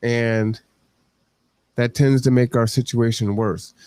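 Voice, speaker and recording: A man's voice: mid-range voice, fairly even intonation, takes it slowly, darkish tone, smooth, no room sound. A man hosting a podcast, talking in a reflective, conversational way and often checking in with the listener. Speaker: podcast host. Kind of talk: reflective casual talk.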